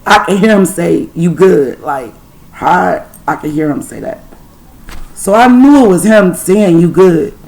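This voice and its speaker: Gravelly-voiced woman telling a story. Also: on the low side, darkish tone, low-quality recording. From Detroit, USA. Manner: profane, rambling spiritual storytelling. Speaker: channel host. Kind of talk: storytime vlog.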